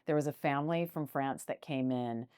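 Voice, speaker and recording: A woman's voice: extremely low pitch, moderate pace, a little mellow, clean tone, no echo, clean studio sound. A woman who owns a small business, talking frankly and animatedly in a casual interview and using fillers like "like" and "you know". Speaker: business owner, interview guest.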